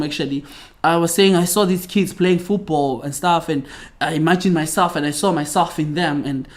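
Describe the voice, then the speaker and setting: A young South African man hosting a podcast in a casual chat, ranting in a heated, profane and slangy way. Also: high voice. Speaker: podcast host.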